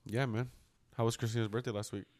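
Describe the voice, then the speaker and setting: A young man hosting a casual podcast chat, joking and animated as he retells stories. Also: medium pitch, fast, a little hiss or hum. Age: young adult. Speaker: podcast host.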